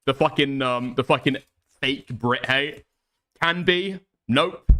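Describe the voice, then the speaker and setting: A man's voice: mid-range voice, takes it slowly, fairly bright tone. A British man streaming live, reacting to a video and reading chat with sweary, sarcastic, mock-indignant commentary.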